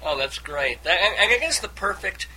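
A man hosting a casual radio interview, eager and quick to laugh. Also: sits high, animated, pushed and bright, slight background noise, poor audio. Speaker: radio host.

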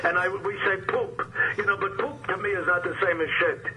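Older man trading deadpan one-liners. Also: high-pitched, fairly quick, a little hiss or hum, poor audio. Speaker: comedian guest. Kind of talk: casual interview chat.

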